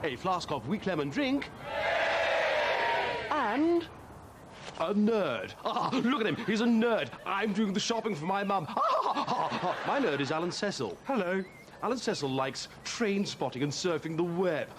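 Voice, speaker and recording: A man's voice: sits high, very animated, a little slow, heavy background noise. A man playing a pompous, self-important adult male hobby obsessive in a sketch comedy monologue.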